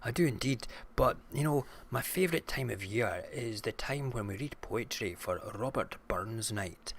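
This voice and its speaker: A man's voice: medium pitch, lively intonation, normal speed, slight background noise, lightly acted. A Scottish man voicing a hammy, boastful caricature of a stereotypical Scotsman, in a broad, jokey, sing-song manner.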